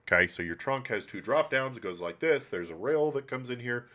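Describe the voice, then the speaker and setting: A man's voice: mid-range voice, lively intonation, brisk, bright, forceful tone. Blunt, swearing man in a garage. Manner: blunt and profane, laid-back shop talk. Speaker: host of a classic car livestream. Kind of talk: casual live commentary. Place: auto repair shop.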